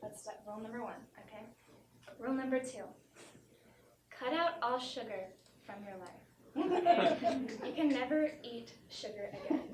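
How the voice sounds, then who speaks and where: A woman's voice: fairly high pitch, normal speed. A young woman comedian on stage doing a mock-earnest self-help talk, giggling between lines, heard from far off in a noisy, echoey theater. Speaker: stand-up comedian. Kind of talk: parody motivational talk on stage. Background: audience laughter.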